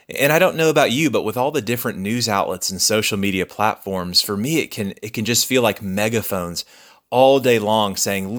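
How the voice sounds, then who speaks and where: Male pastor, sermon, earnest, measured delivery, lowish voice. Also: animated, a bit bright. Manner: earnest, measured, repeats key phrases.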